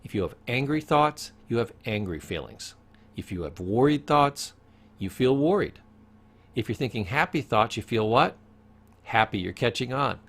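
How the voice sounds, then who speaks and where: This recorded psychology course is led by a man whose medium-pitched voice is husky yet fairly bright. He stresses his points emphatically, goes back over them, and puts questions to the listener.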